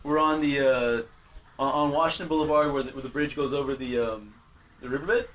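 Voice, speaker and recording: A man's voice: mid-range voice, fairly even intonation, fairly quick, a bit bright, a little hiss or hum, rough recording. A man telling a rowdy story in casual chat with friends, laughing often and acting out what people said. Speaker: podcast host.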